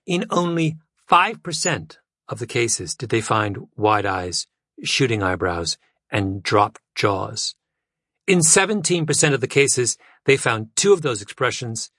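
A man reading a nonfiction audiobook in a measured way, letting his pitch fall low at the end of phrases. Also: animated, sharp tone, no echo, clean studio sound. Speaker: narrator. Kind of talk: scripted nonfiction audiobook narration.

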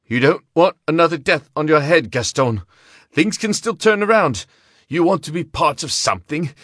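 A man putting on a menacing storybook gambler, pitched well above his own low voice and pushed louder. He taunts and threatens in a dry, close sound. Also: lively intonation, normal speed, no room sound. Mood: pleading. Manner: taunting, then shaky and pleading.

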